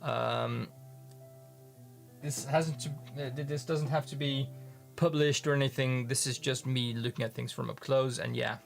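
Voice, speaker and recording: A man casually commenting in his studio as he looks at his handmade pigments, halting and restarting often. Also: mid-range voice, fairly even intonation, vocal fry, soft background music. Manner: rambling, halting, many restarts. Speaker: pigment maker filming his studio work. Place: home studio.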